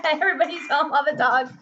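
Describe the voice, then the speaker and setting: A woman's voice: high-pitched, normal speed, dull audio, heavy background noise. A woman marketing consultant talking casually in a vlog from her home office, chatty, laughing often and repeating words for emphasis.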